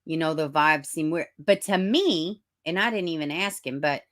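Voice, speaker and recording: Southern woman, low voice, chatty livestream host who calls viewers honey. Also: moderate pace, fairly bright tone. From Middle Tennessee, US. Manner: chatty, drawling, greets viewers as honey and baby. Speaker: true-crime livestream host. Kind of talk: casual livestream chat reading comments.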